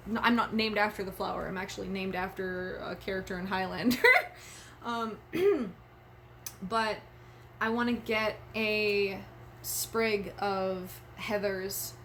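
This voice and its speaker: A woman streamer chatting candidly to her viewers from a home setup, her voice sitting at an ordinary mid pitch. She rambles and giggles her way through personal stories and wears her feelings openly. A faint hiss of room noise sits behind her. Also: fairly bright tone. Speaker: live streamer. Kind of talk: candid casual livestream chat.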